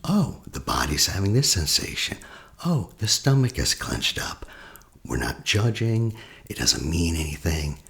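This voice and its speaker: A man, a therapist, talking a listener through a guided meditation in a slow, soft voice that often drops to a near whisper. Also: low voice, big pitch swings, gravelly. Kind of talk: guided meditation with teaching asides.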